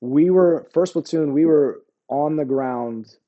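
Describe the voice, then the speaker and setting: Slow and easygoing, a middle-aged American who served in the army shares war stories in an informal interview, slangy and often saying "bro" and "you know what I mean." His voice is a little high and narrow, heard through tinny audio.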